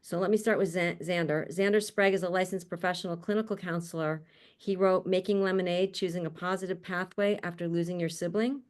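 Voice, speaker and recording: A woman's voice: fairly low pitch, steady tone, a little fast. A woman hosting an online panel, introducing speakers in an upbeat, chatty way over a video call. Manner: upbeat and chatty, laughs often. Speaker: conference host introducing a panel. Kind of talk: casual spoken introductions.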